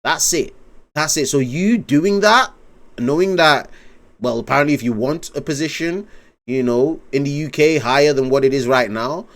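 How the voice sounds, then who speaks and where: A man's voice: fairly high pitch, normal speed. A man streaming live, rambling in casual commentary, swearing and laughing often.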